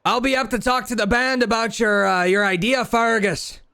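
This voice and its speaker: A man puts on a gruff dwarf doorman who barks orders at the crowd in a raised, bellowing voice. The voice is smooth and carries in a dry, close space. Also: a little high, a little fast, no room sound, close to an everyday voice. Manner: bossy, yelling at a crowd. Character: gruff male dwarf line-keeper at a ship.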